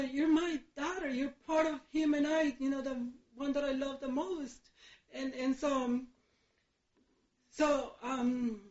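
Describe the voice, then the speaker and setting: A middle-aged woman from Mexico giving a halting personal testimony, full of fillers and restarts, laughing through painful memories. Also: a little high, darkish tone. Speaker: speaker sharing her recovery story. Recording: echoey room, dull lo-fi sound.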